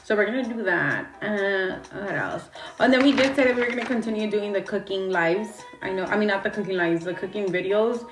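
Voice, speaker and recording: A woman's voice: mid-range voice, a little fast, hardly any pauses, roomy sound, far from the mic, faint music behind. Rambling blunt woman on a phone livestream. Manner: rambling and blunt, swears, greets chat. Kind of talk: casual livestream chat.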